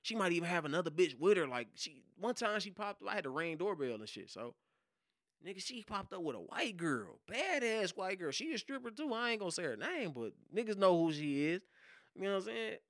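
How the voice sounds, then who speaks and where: A man, a podcast guest and hip hop producer, telling a story in casual, profane slang and acting out loud shouted quotes. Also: high voice, no room sound, clean studio sound. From Detroit.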